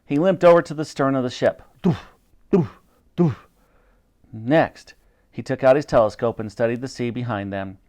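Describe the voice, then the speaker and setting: A man reading a children's adventure book aloud, animated and switching between character voices. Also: medium pitch, fairly quick. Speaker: storyteller.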